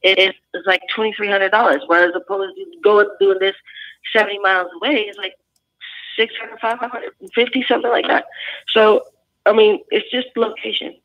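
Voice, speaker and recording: A woman's voice: mid-range voice, steady tone, a little fast, lo-fi sound. A woman veteran from California, speaking as a guest on a talk show in earnest bursts, often restarting her sentences. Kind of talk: phone-in talk show interview.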